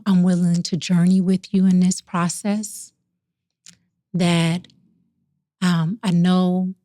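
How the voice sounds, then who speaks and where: Female host and therapist, slow and gentle, pausing often, dry close sound. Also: fairly low pitch, no echo. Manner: gentle, slow, reflective, with many pauses and "um"s. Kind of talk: conversational interview.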